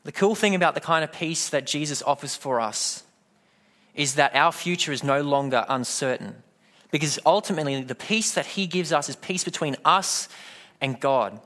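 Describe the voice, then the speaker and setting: A man's voice: on the high side, normal speed, a bit bright. A man preaching a sermon, telling a personal story and acting out the voices in it. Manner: storytelling, acts out quoted voices. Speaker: pastor.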